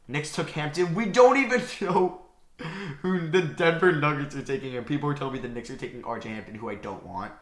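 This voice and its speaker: Young male streamer, excitable live-reaction host; bright, lively delivery, roomy echo. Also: a little high. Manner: excitable, swings between shouting and muttering while reading chat. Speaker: livestream host.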